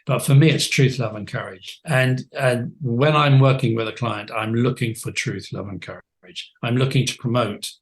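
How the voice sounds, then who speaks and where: An older man in his seventies talks through his past in an interview with a mid-pitched, ordinary voice. He reflects out loud, restarts his sentences often and laughs softly now and then, like a coach thinking things through. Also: normal speed, few pauses. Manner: thoughtful, with frequent restarts and soft laughs.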